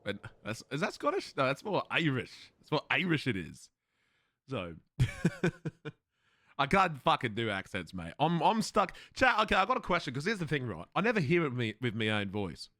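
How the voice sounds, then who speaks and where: A man's voice: mid-range voice, sing-song, moderate pace, fairly bright tone, no echo. A young Australian man chatting casually with his stream viewers, swearing and laughing at himself as he goes.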